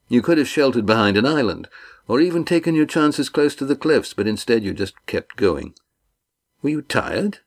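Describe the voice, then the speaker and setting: A man's voice: mid-range voice, voice pushed up. A man reading the part of a menacing, mocking ship captain, drawing out his threats with a sneer.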